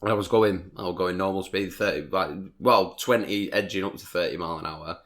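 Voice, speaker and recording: A man with a fairly low voice hosts a casual podcast chat. He tells a long rambling story, swears freely and breaks into laughs. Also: fairly even intonation, fairly quick, a bit bright. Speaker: podcast host.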